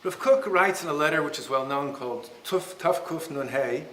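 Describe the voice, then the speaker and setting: Bright-voiced rabbi lecturing in a roomy hall. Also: male voice, fairly high pitch, normal speed, a little hiss or hum. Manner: animated, humorous storyteller. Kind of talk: lecture with storytelling.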